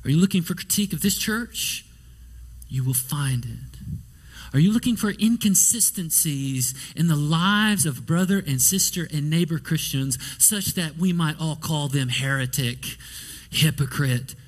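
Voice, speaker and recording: Male pastor, fairly high voice, sermon delivery with rhetorical questions and whispered asides. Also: a little slow. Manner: storytelling preacher, rhetorical questions, whispers quoted lines. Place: church sanctuary.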